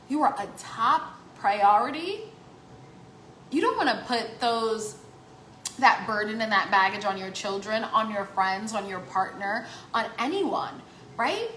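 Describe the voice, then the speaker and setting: A woman life coach talking casually to the camera, animated, acting out voices in the quotes she gives. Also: fairly high pitch, roomy sound, slight background noise, poor audio. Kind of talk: casual vlog talk.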